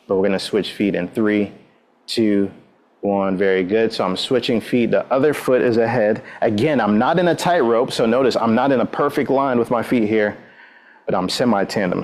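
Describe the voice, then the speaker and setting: A man's voice: on the low side, darkish tone. A man leading a guided exercise class, giving upbeat, encouraging cues and counting down between moves, often saying "all right". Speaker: exercise instructor.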